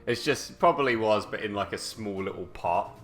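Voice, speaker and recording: A man hosting a casual gaming podcast, jokey and animated, often laughing. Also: on the low side, moderate pace, faint music behind. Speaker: podcast host. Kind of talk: casual chat.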